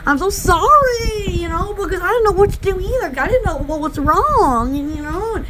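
A woman's voice: extremely high pitch, expressive, fairly quick, background noise. A woman hosting a casual livestream chat, rambling and giggly with lots of fillers and folksy rural slang. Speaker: channel host and small shop owner.

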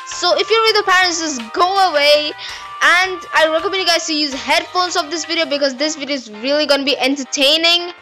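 A woman's voice: sits high, a little fast, pushed and bright, faint music behind. A woman hosting a horror game playthrough, rambling, jumpy and swearing a lot. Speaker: gaming channel host.

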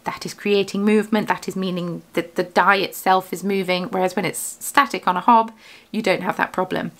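A woman's voice: on the low side, vocal fry, fairly bright tone. A British woman, the host of a crafting vlog, chatting casually from her home studio, rambling and correcting herself as she goes. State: has the hiccups. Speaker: yarn dyer and vlogger.

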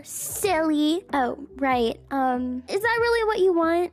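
A woman narrating a toy roleplay as a busy single mom, chatty and unhurried. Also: extremely high pitch.

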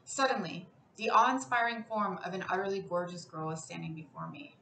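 A woman reads a literary story aloud in a measured, expressive way, her voice bright and clear. The sound is roomy, a little distant from the mic, with a faint hiss behind. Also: fairly low pitch. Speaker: classics professor reading aloud. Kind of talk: literary reading.

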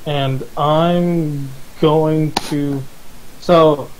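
A man's voice: a little high, fairly even intonation, very slow, slight background noise, low-quality recording. Casual male tabletop player. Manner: casual, hesitant. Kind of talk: tabletop role-play.

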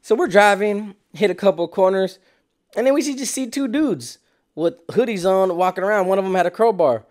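A young man casually telling a street story, slangy and animated. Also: a little fast. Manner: slangy, animated, acts out quotes in lower voice.

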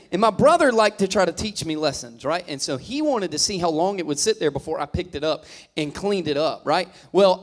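A man in his thirties, a pastor, preaching a humorous sermon and teasing the congregation as he tells stories. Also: high-pitched. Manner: joking, teasing storyteller addressing the crowd.

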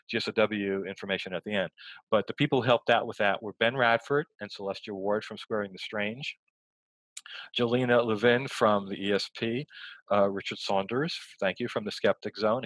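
A man, a guest, telling stories in a rambling, quick conversational way over a video call. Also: fairly low pitch, a bit bright, no echo, rough recording. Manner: rambling, quick storytelling with restarts. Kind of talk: casual conversation.

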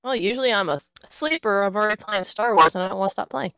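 A woman's voice: medium pitch, lively intonation, quick pace, fairly bright tone, no echo, poor audio. A woman chatting as a guest on a casual livestream, wry and a bit self-deprecating. Her voice sits mid-range and sounds close and dry. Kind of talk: casual chat.

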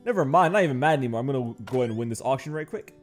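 A man chatting his way through a game, joking and acting mock-angry at his in-game workers. His voice sits at an ordinary pitch, and faint guitar music plays underneath. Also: racing. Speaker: gaming channel host. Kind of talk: casual let's-play commentary.

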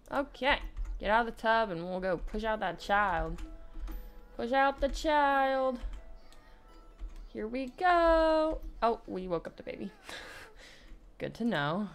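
A woman's voice: mid-range voice, gravelly. A young woman giving casual let's play commentary, playfully bossing around the characters in her game. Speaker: gaming YouTuber.

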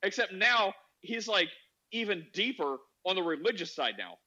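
A man's voice: high-pitched, sing-song, normal speed, bright, forceful tone. A man casually telling a long anecdote on a podcast, rambling and filling his talk with "like". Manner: rambling, heavy use of "like" fillers. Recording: dull lo-fi audio.

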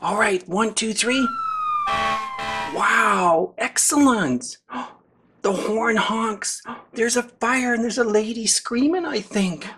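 A woman reading a picture book aloud to young children, gasping with excitement and talking straight to her listeners. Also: fairly high pitch, slow, background noise. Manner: excited gasps, talks directly to the children. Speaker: children's storyteller.

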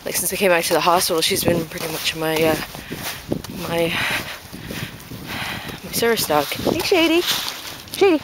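A woman's voice: sits low, little pitch movement, normal speed, long pauses. A woman talking casually to the camera while walking her dog outdoors, a little out of breath and rambling with lots of fillers. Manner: rambling, chatty, many fillers. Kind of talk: casual walk-and-talk vlog. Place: outdoors in a neighborhood park. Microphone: handheld camera while walking. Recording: noisy outdoor camera audio. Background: outdoor noise.

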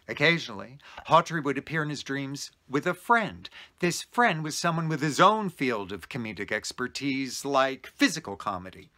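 An animated man telling a story on his vlog, his voice bright and ringing and his pitch rising and falling a lot. He laughs often as he talks. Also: normal speed, few pauses. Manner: animated and expressive, with frequent laughter. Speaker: storyteller host.

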